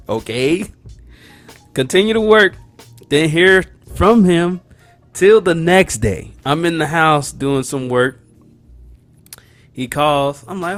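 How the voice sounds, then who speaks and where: Over soft background music, a podcast host with a slightly high voice speaks slowly and pauses often. He tells a story in slangy, conversational style, animatedly acting out the voices and reactions of the people involved.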